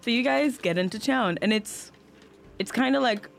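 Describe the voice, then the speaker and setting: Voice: medium pitch, moderate pace, gravelly, a bit bright. A game master narrating a tabletop game in a loose, rambling way with many fillers.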